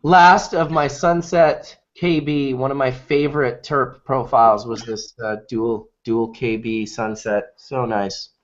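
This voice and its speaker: A man's voice: mid-range voice, steady tone, a little slow, hardly any pauses. A man hosting a casual group chat, laid-back and rambling, laughing easily. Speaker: host of a streamed cannabis talk show. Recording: lo-fi online call audio.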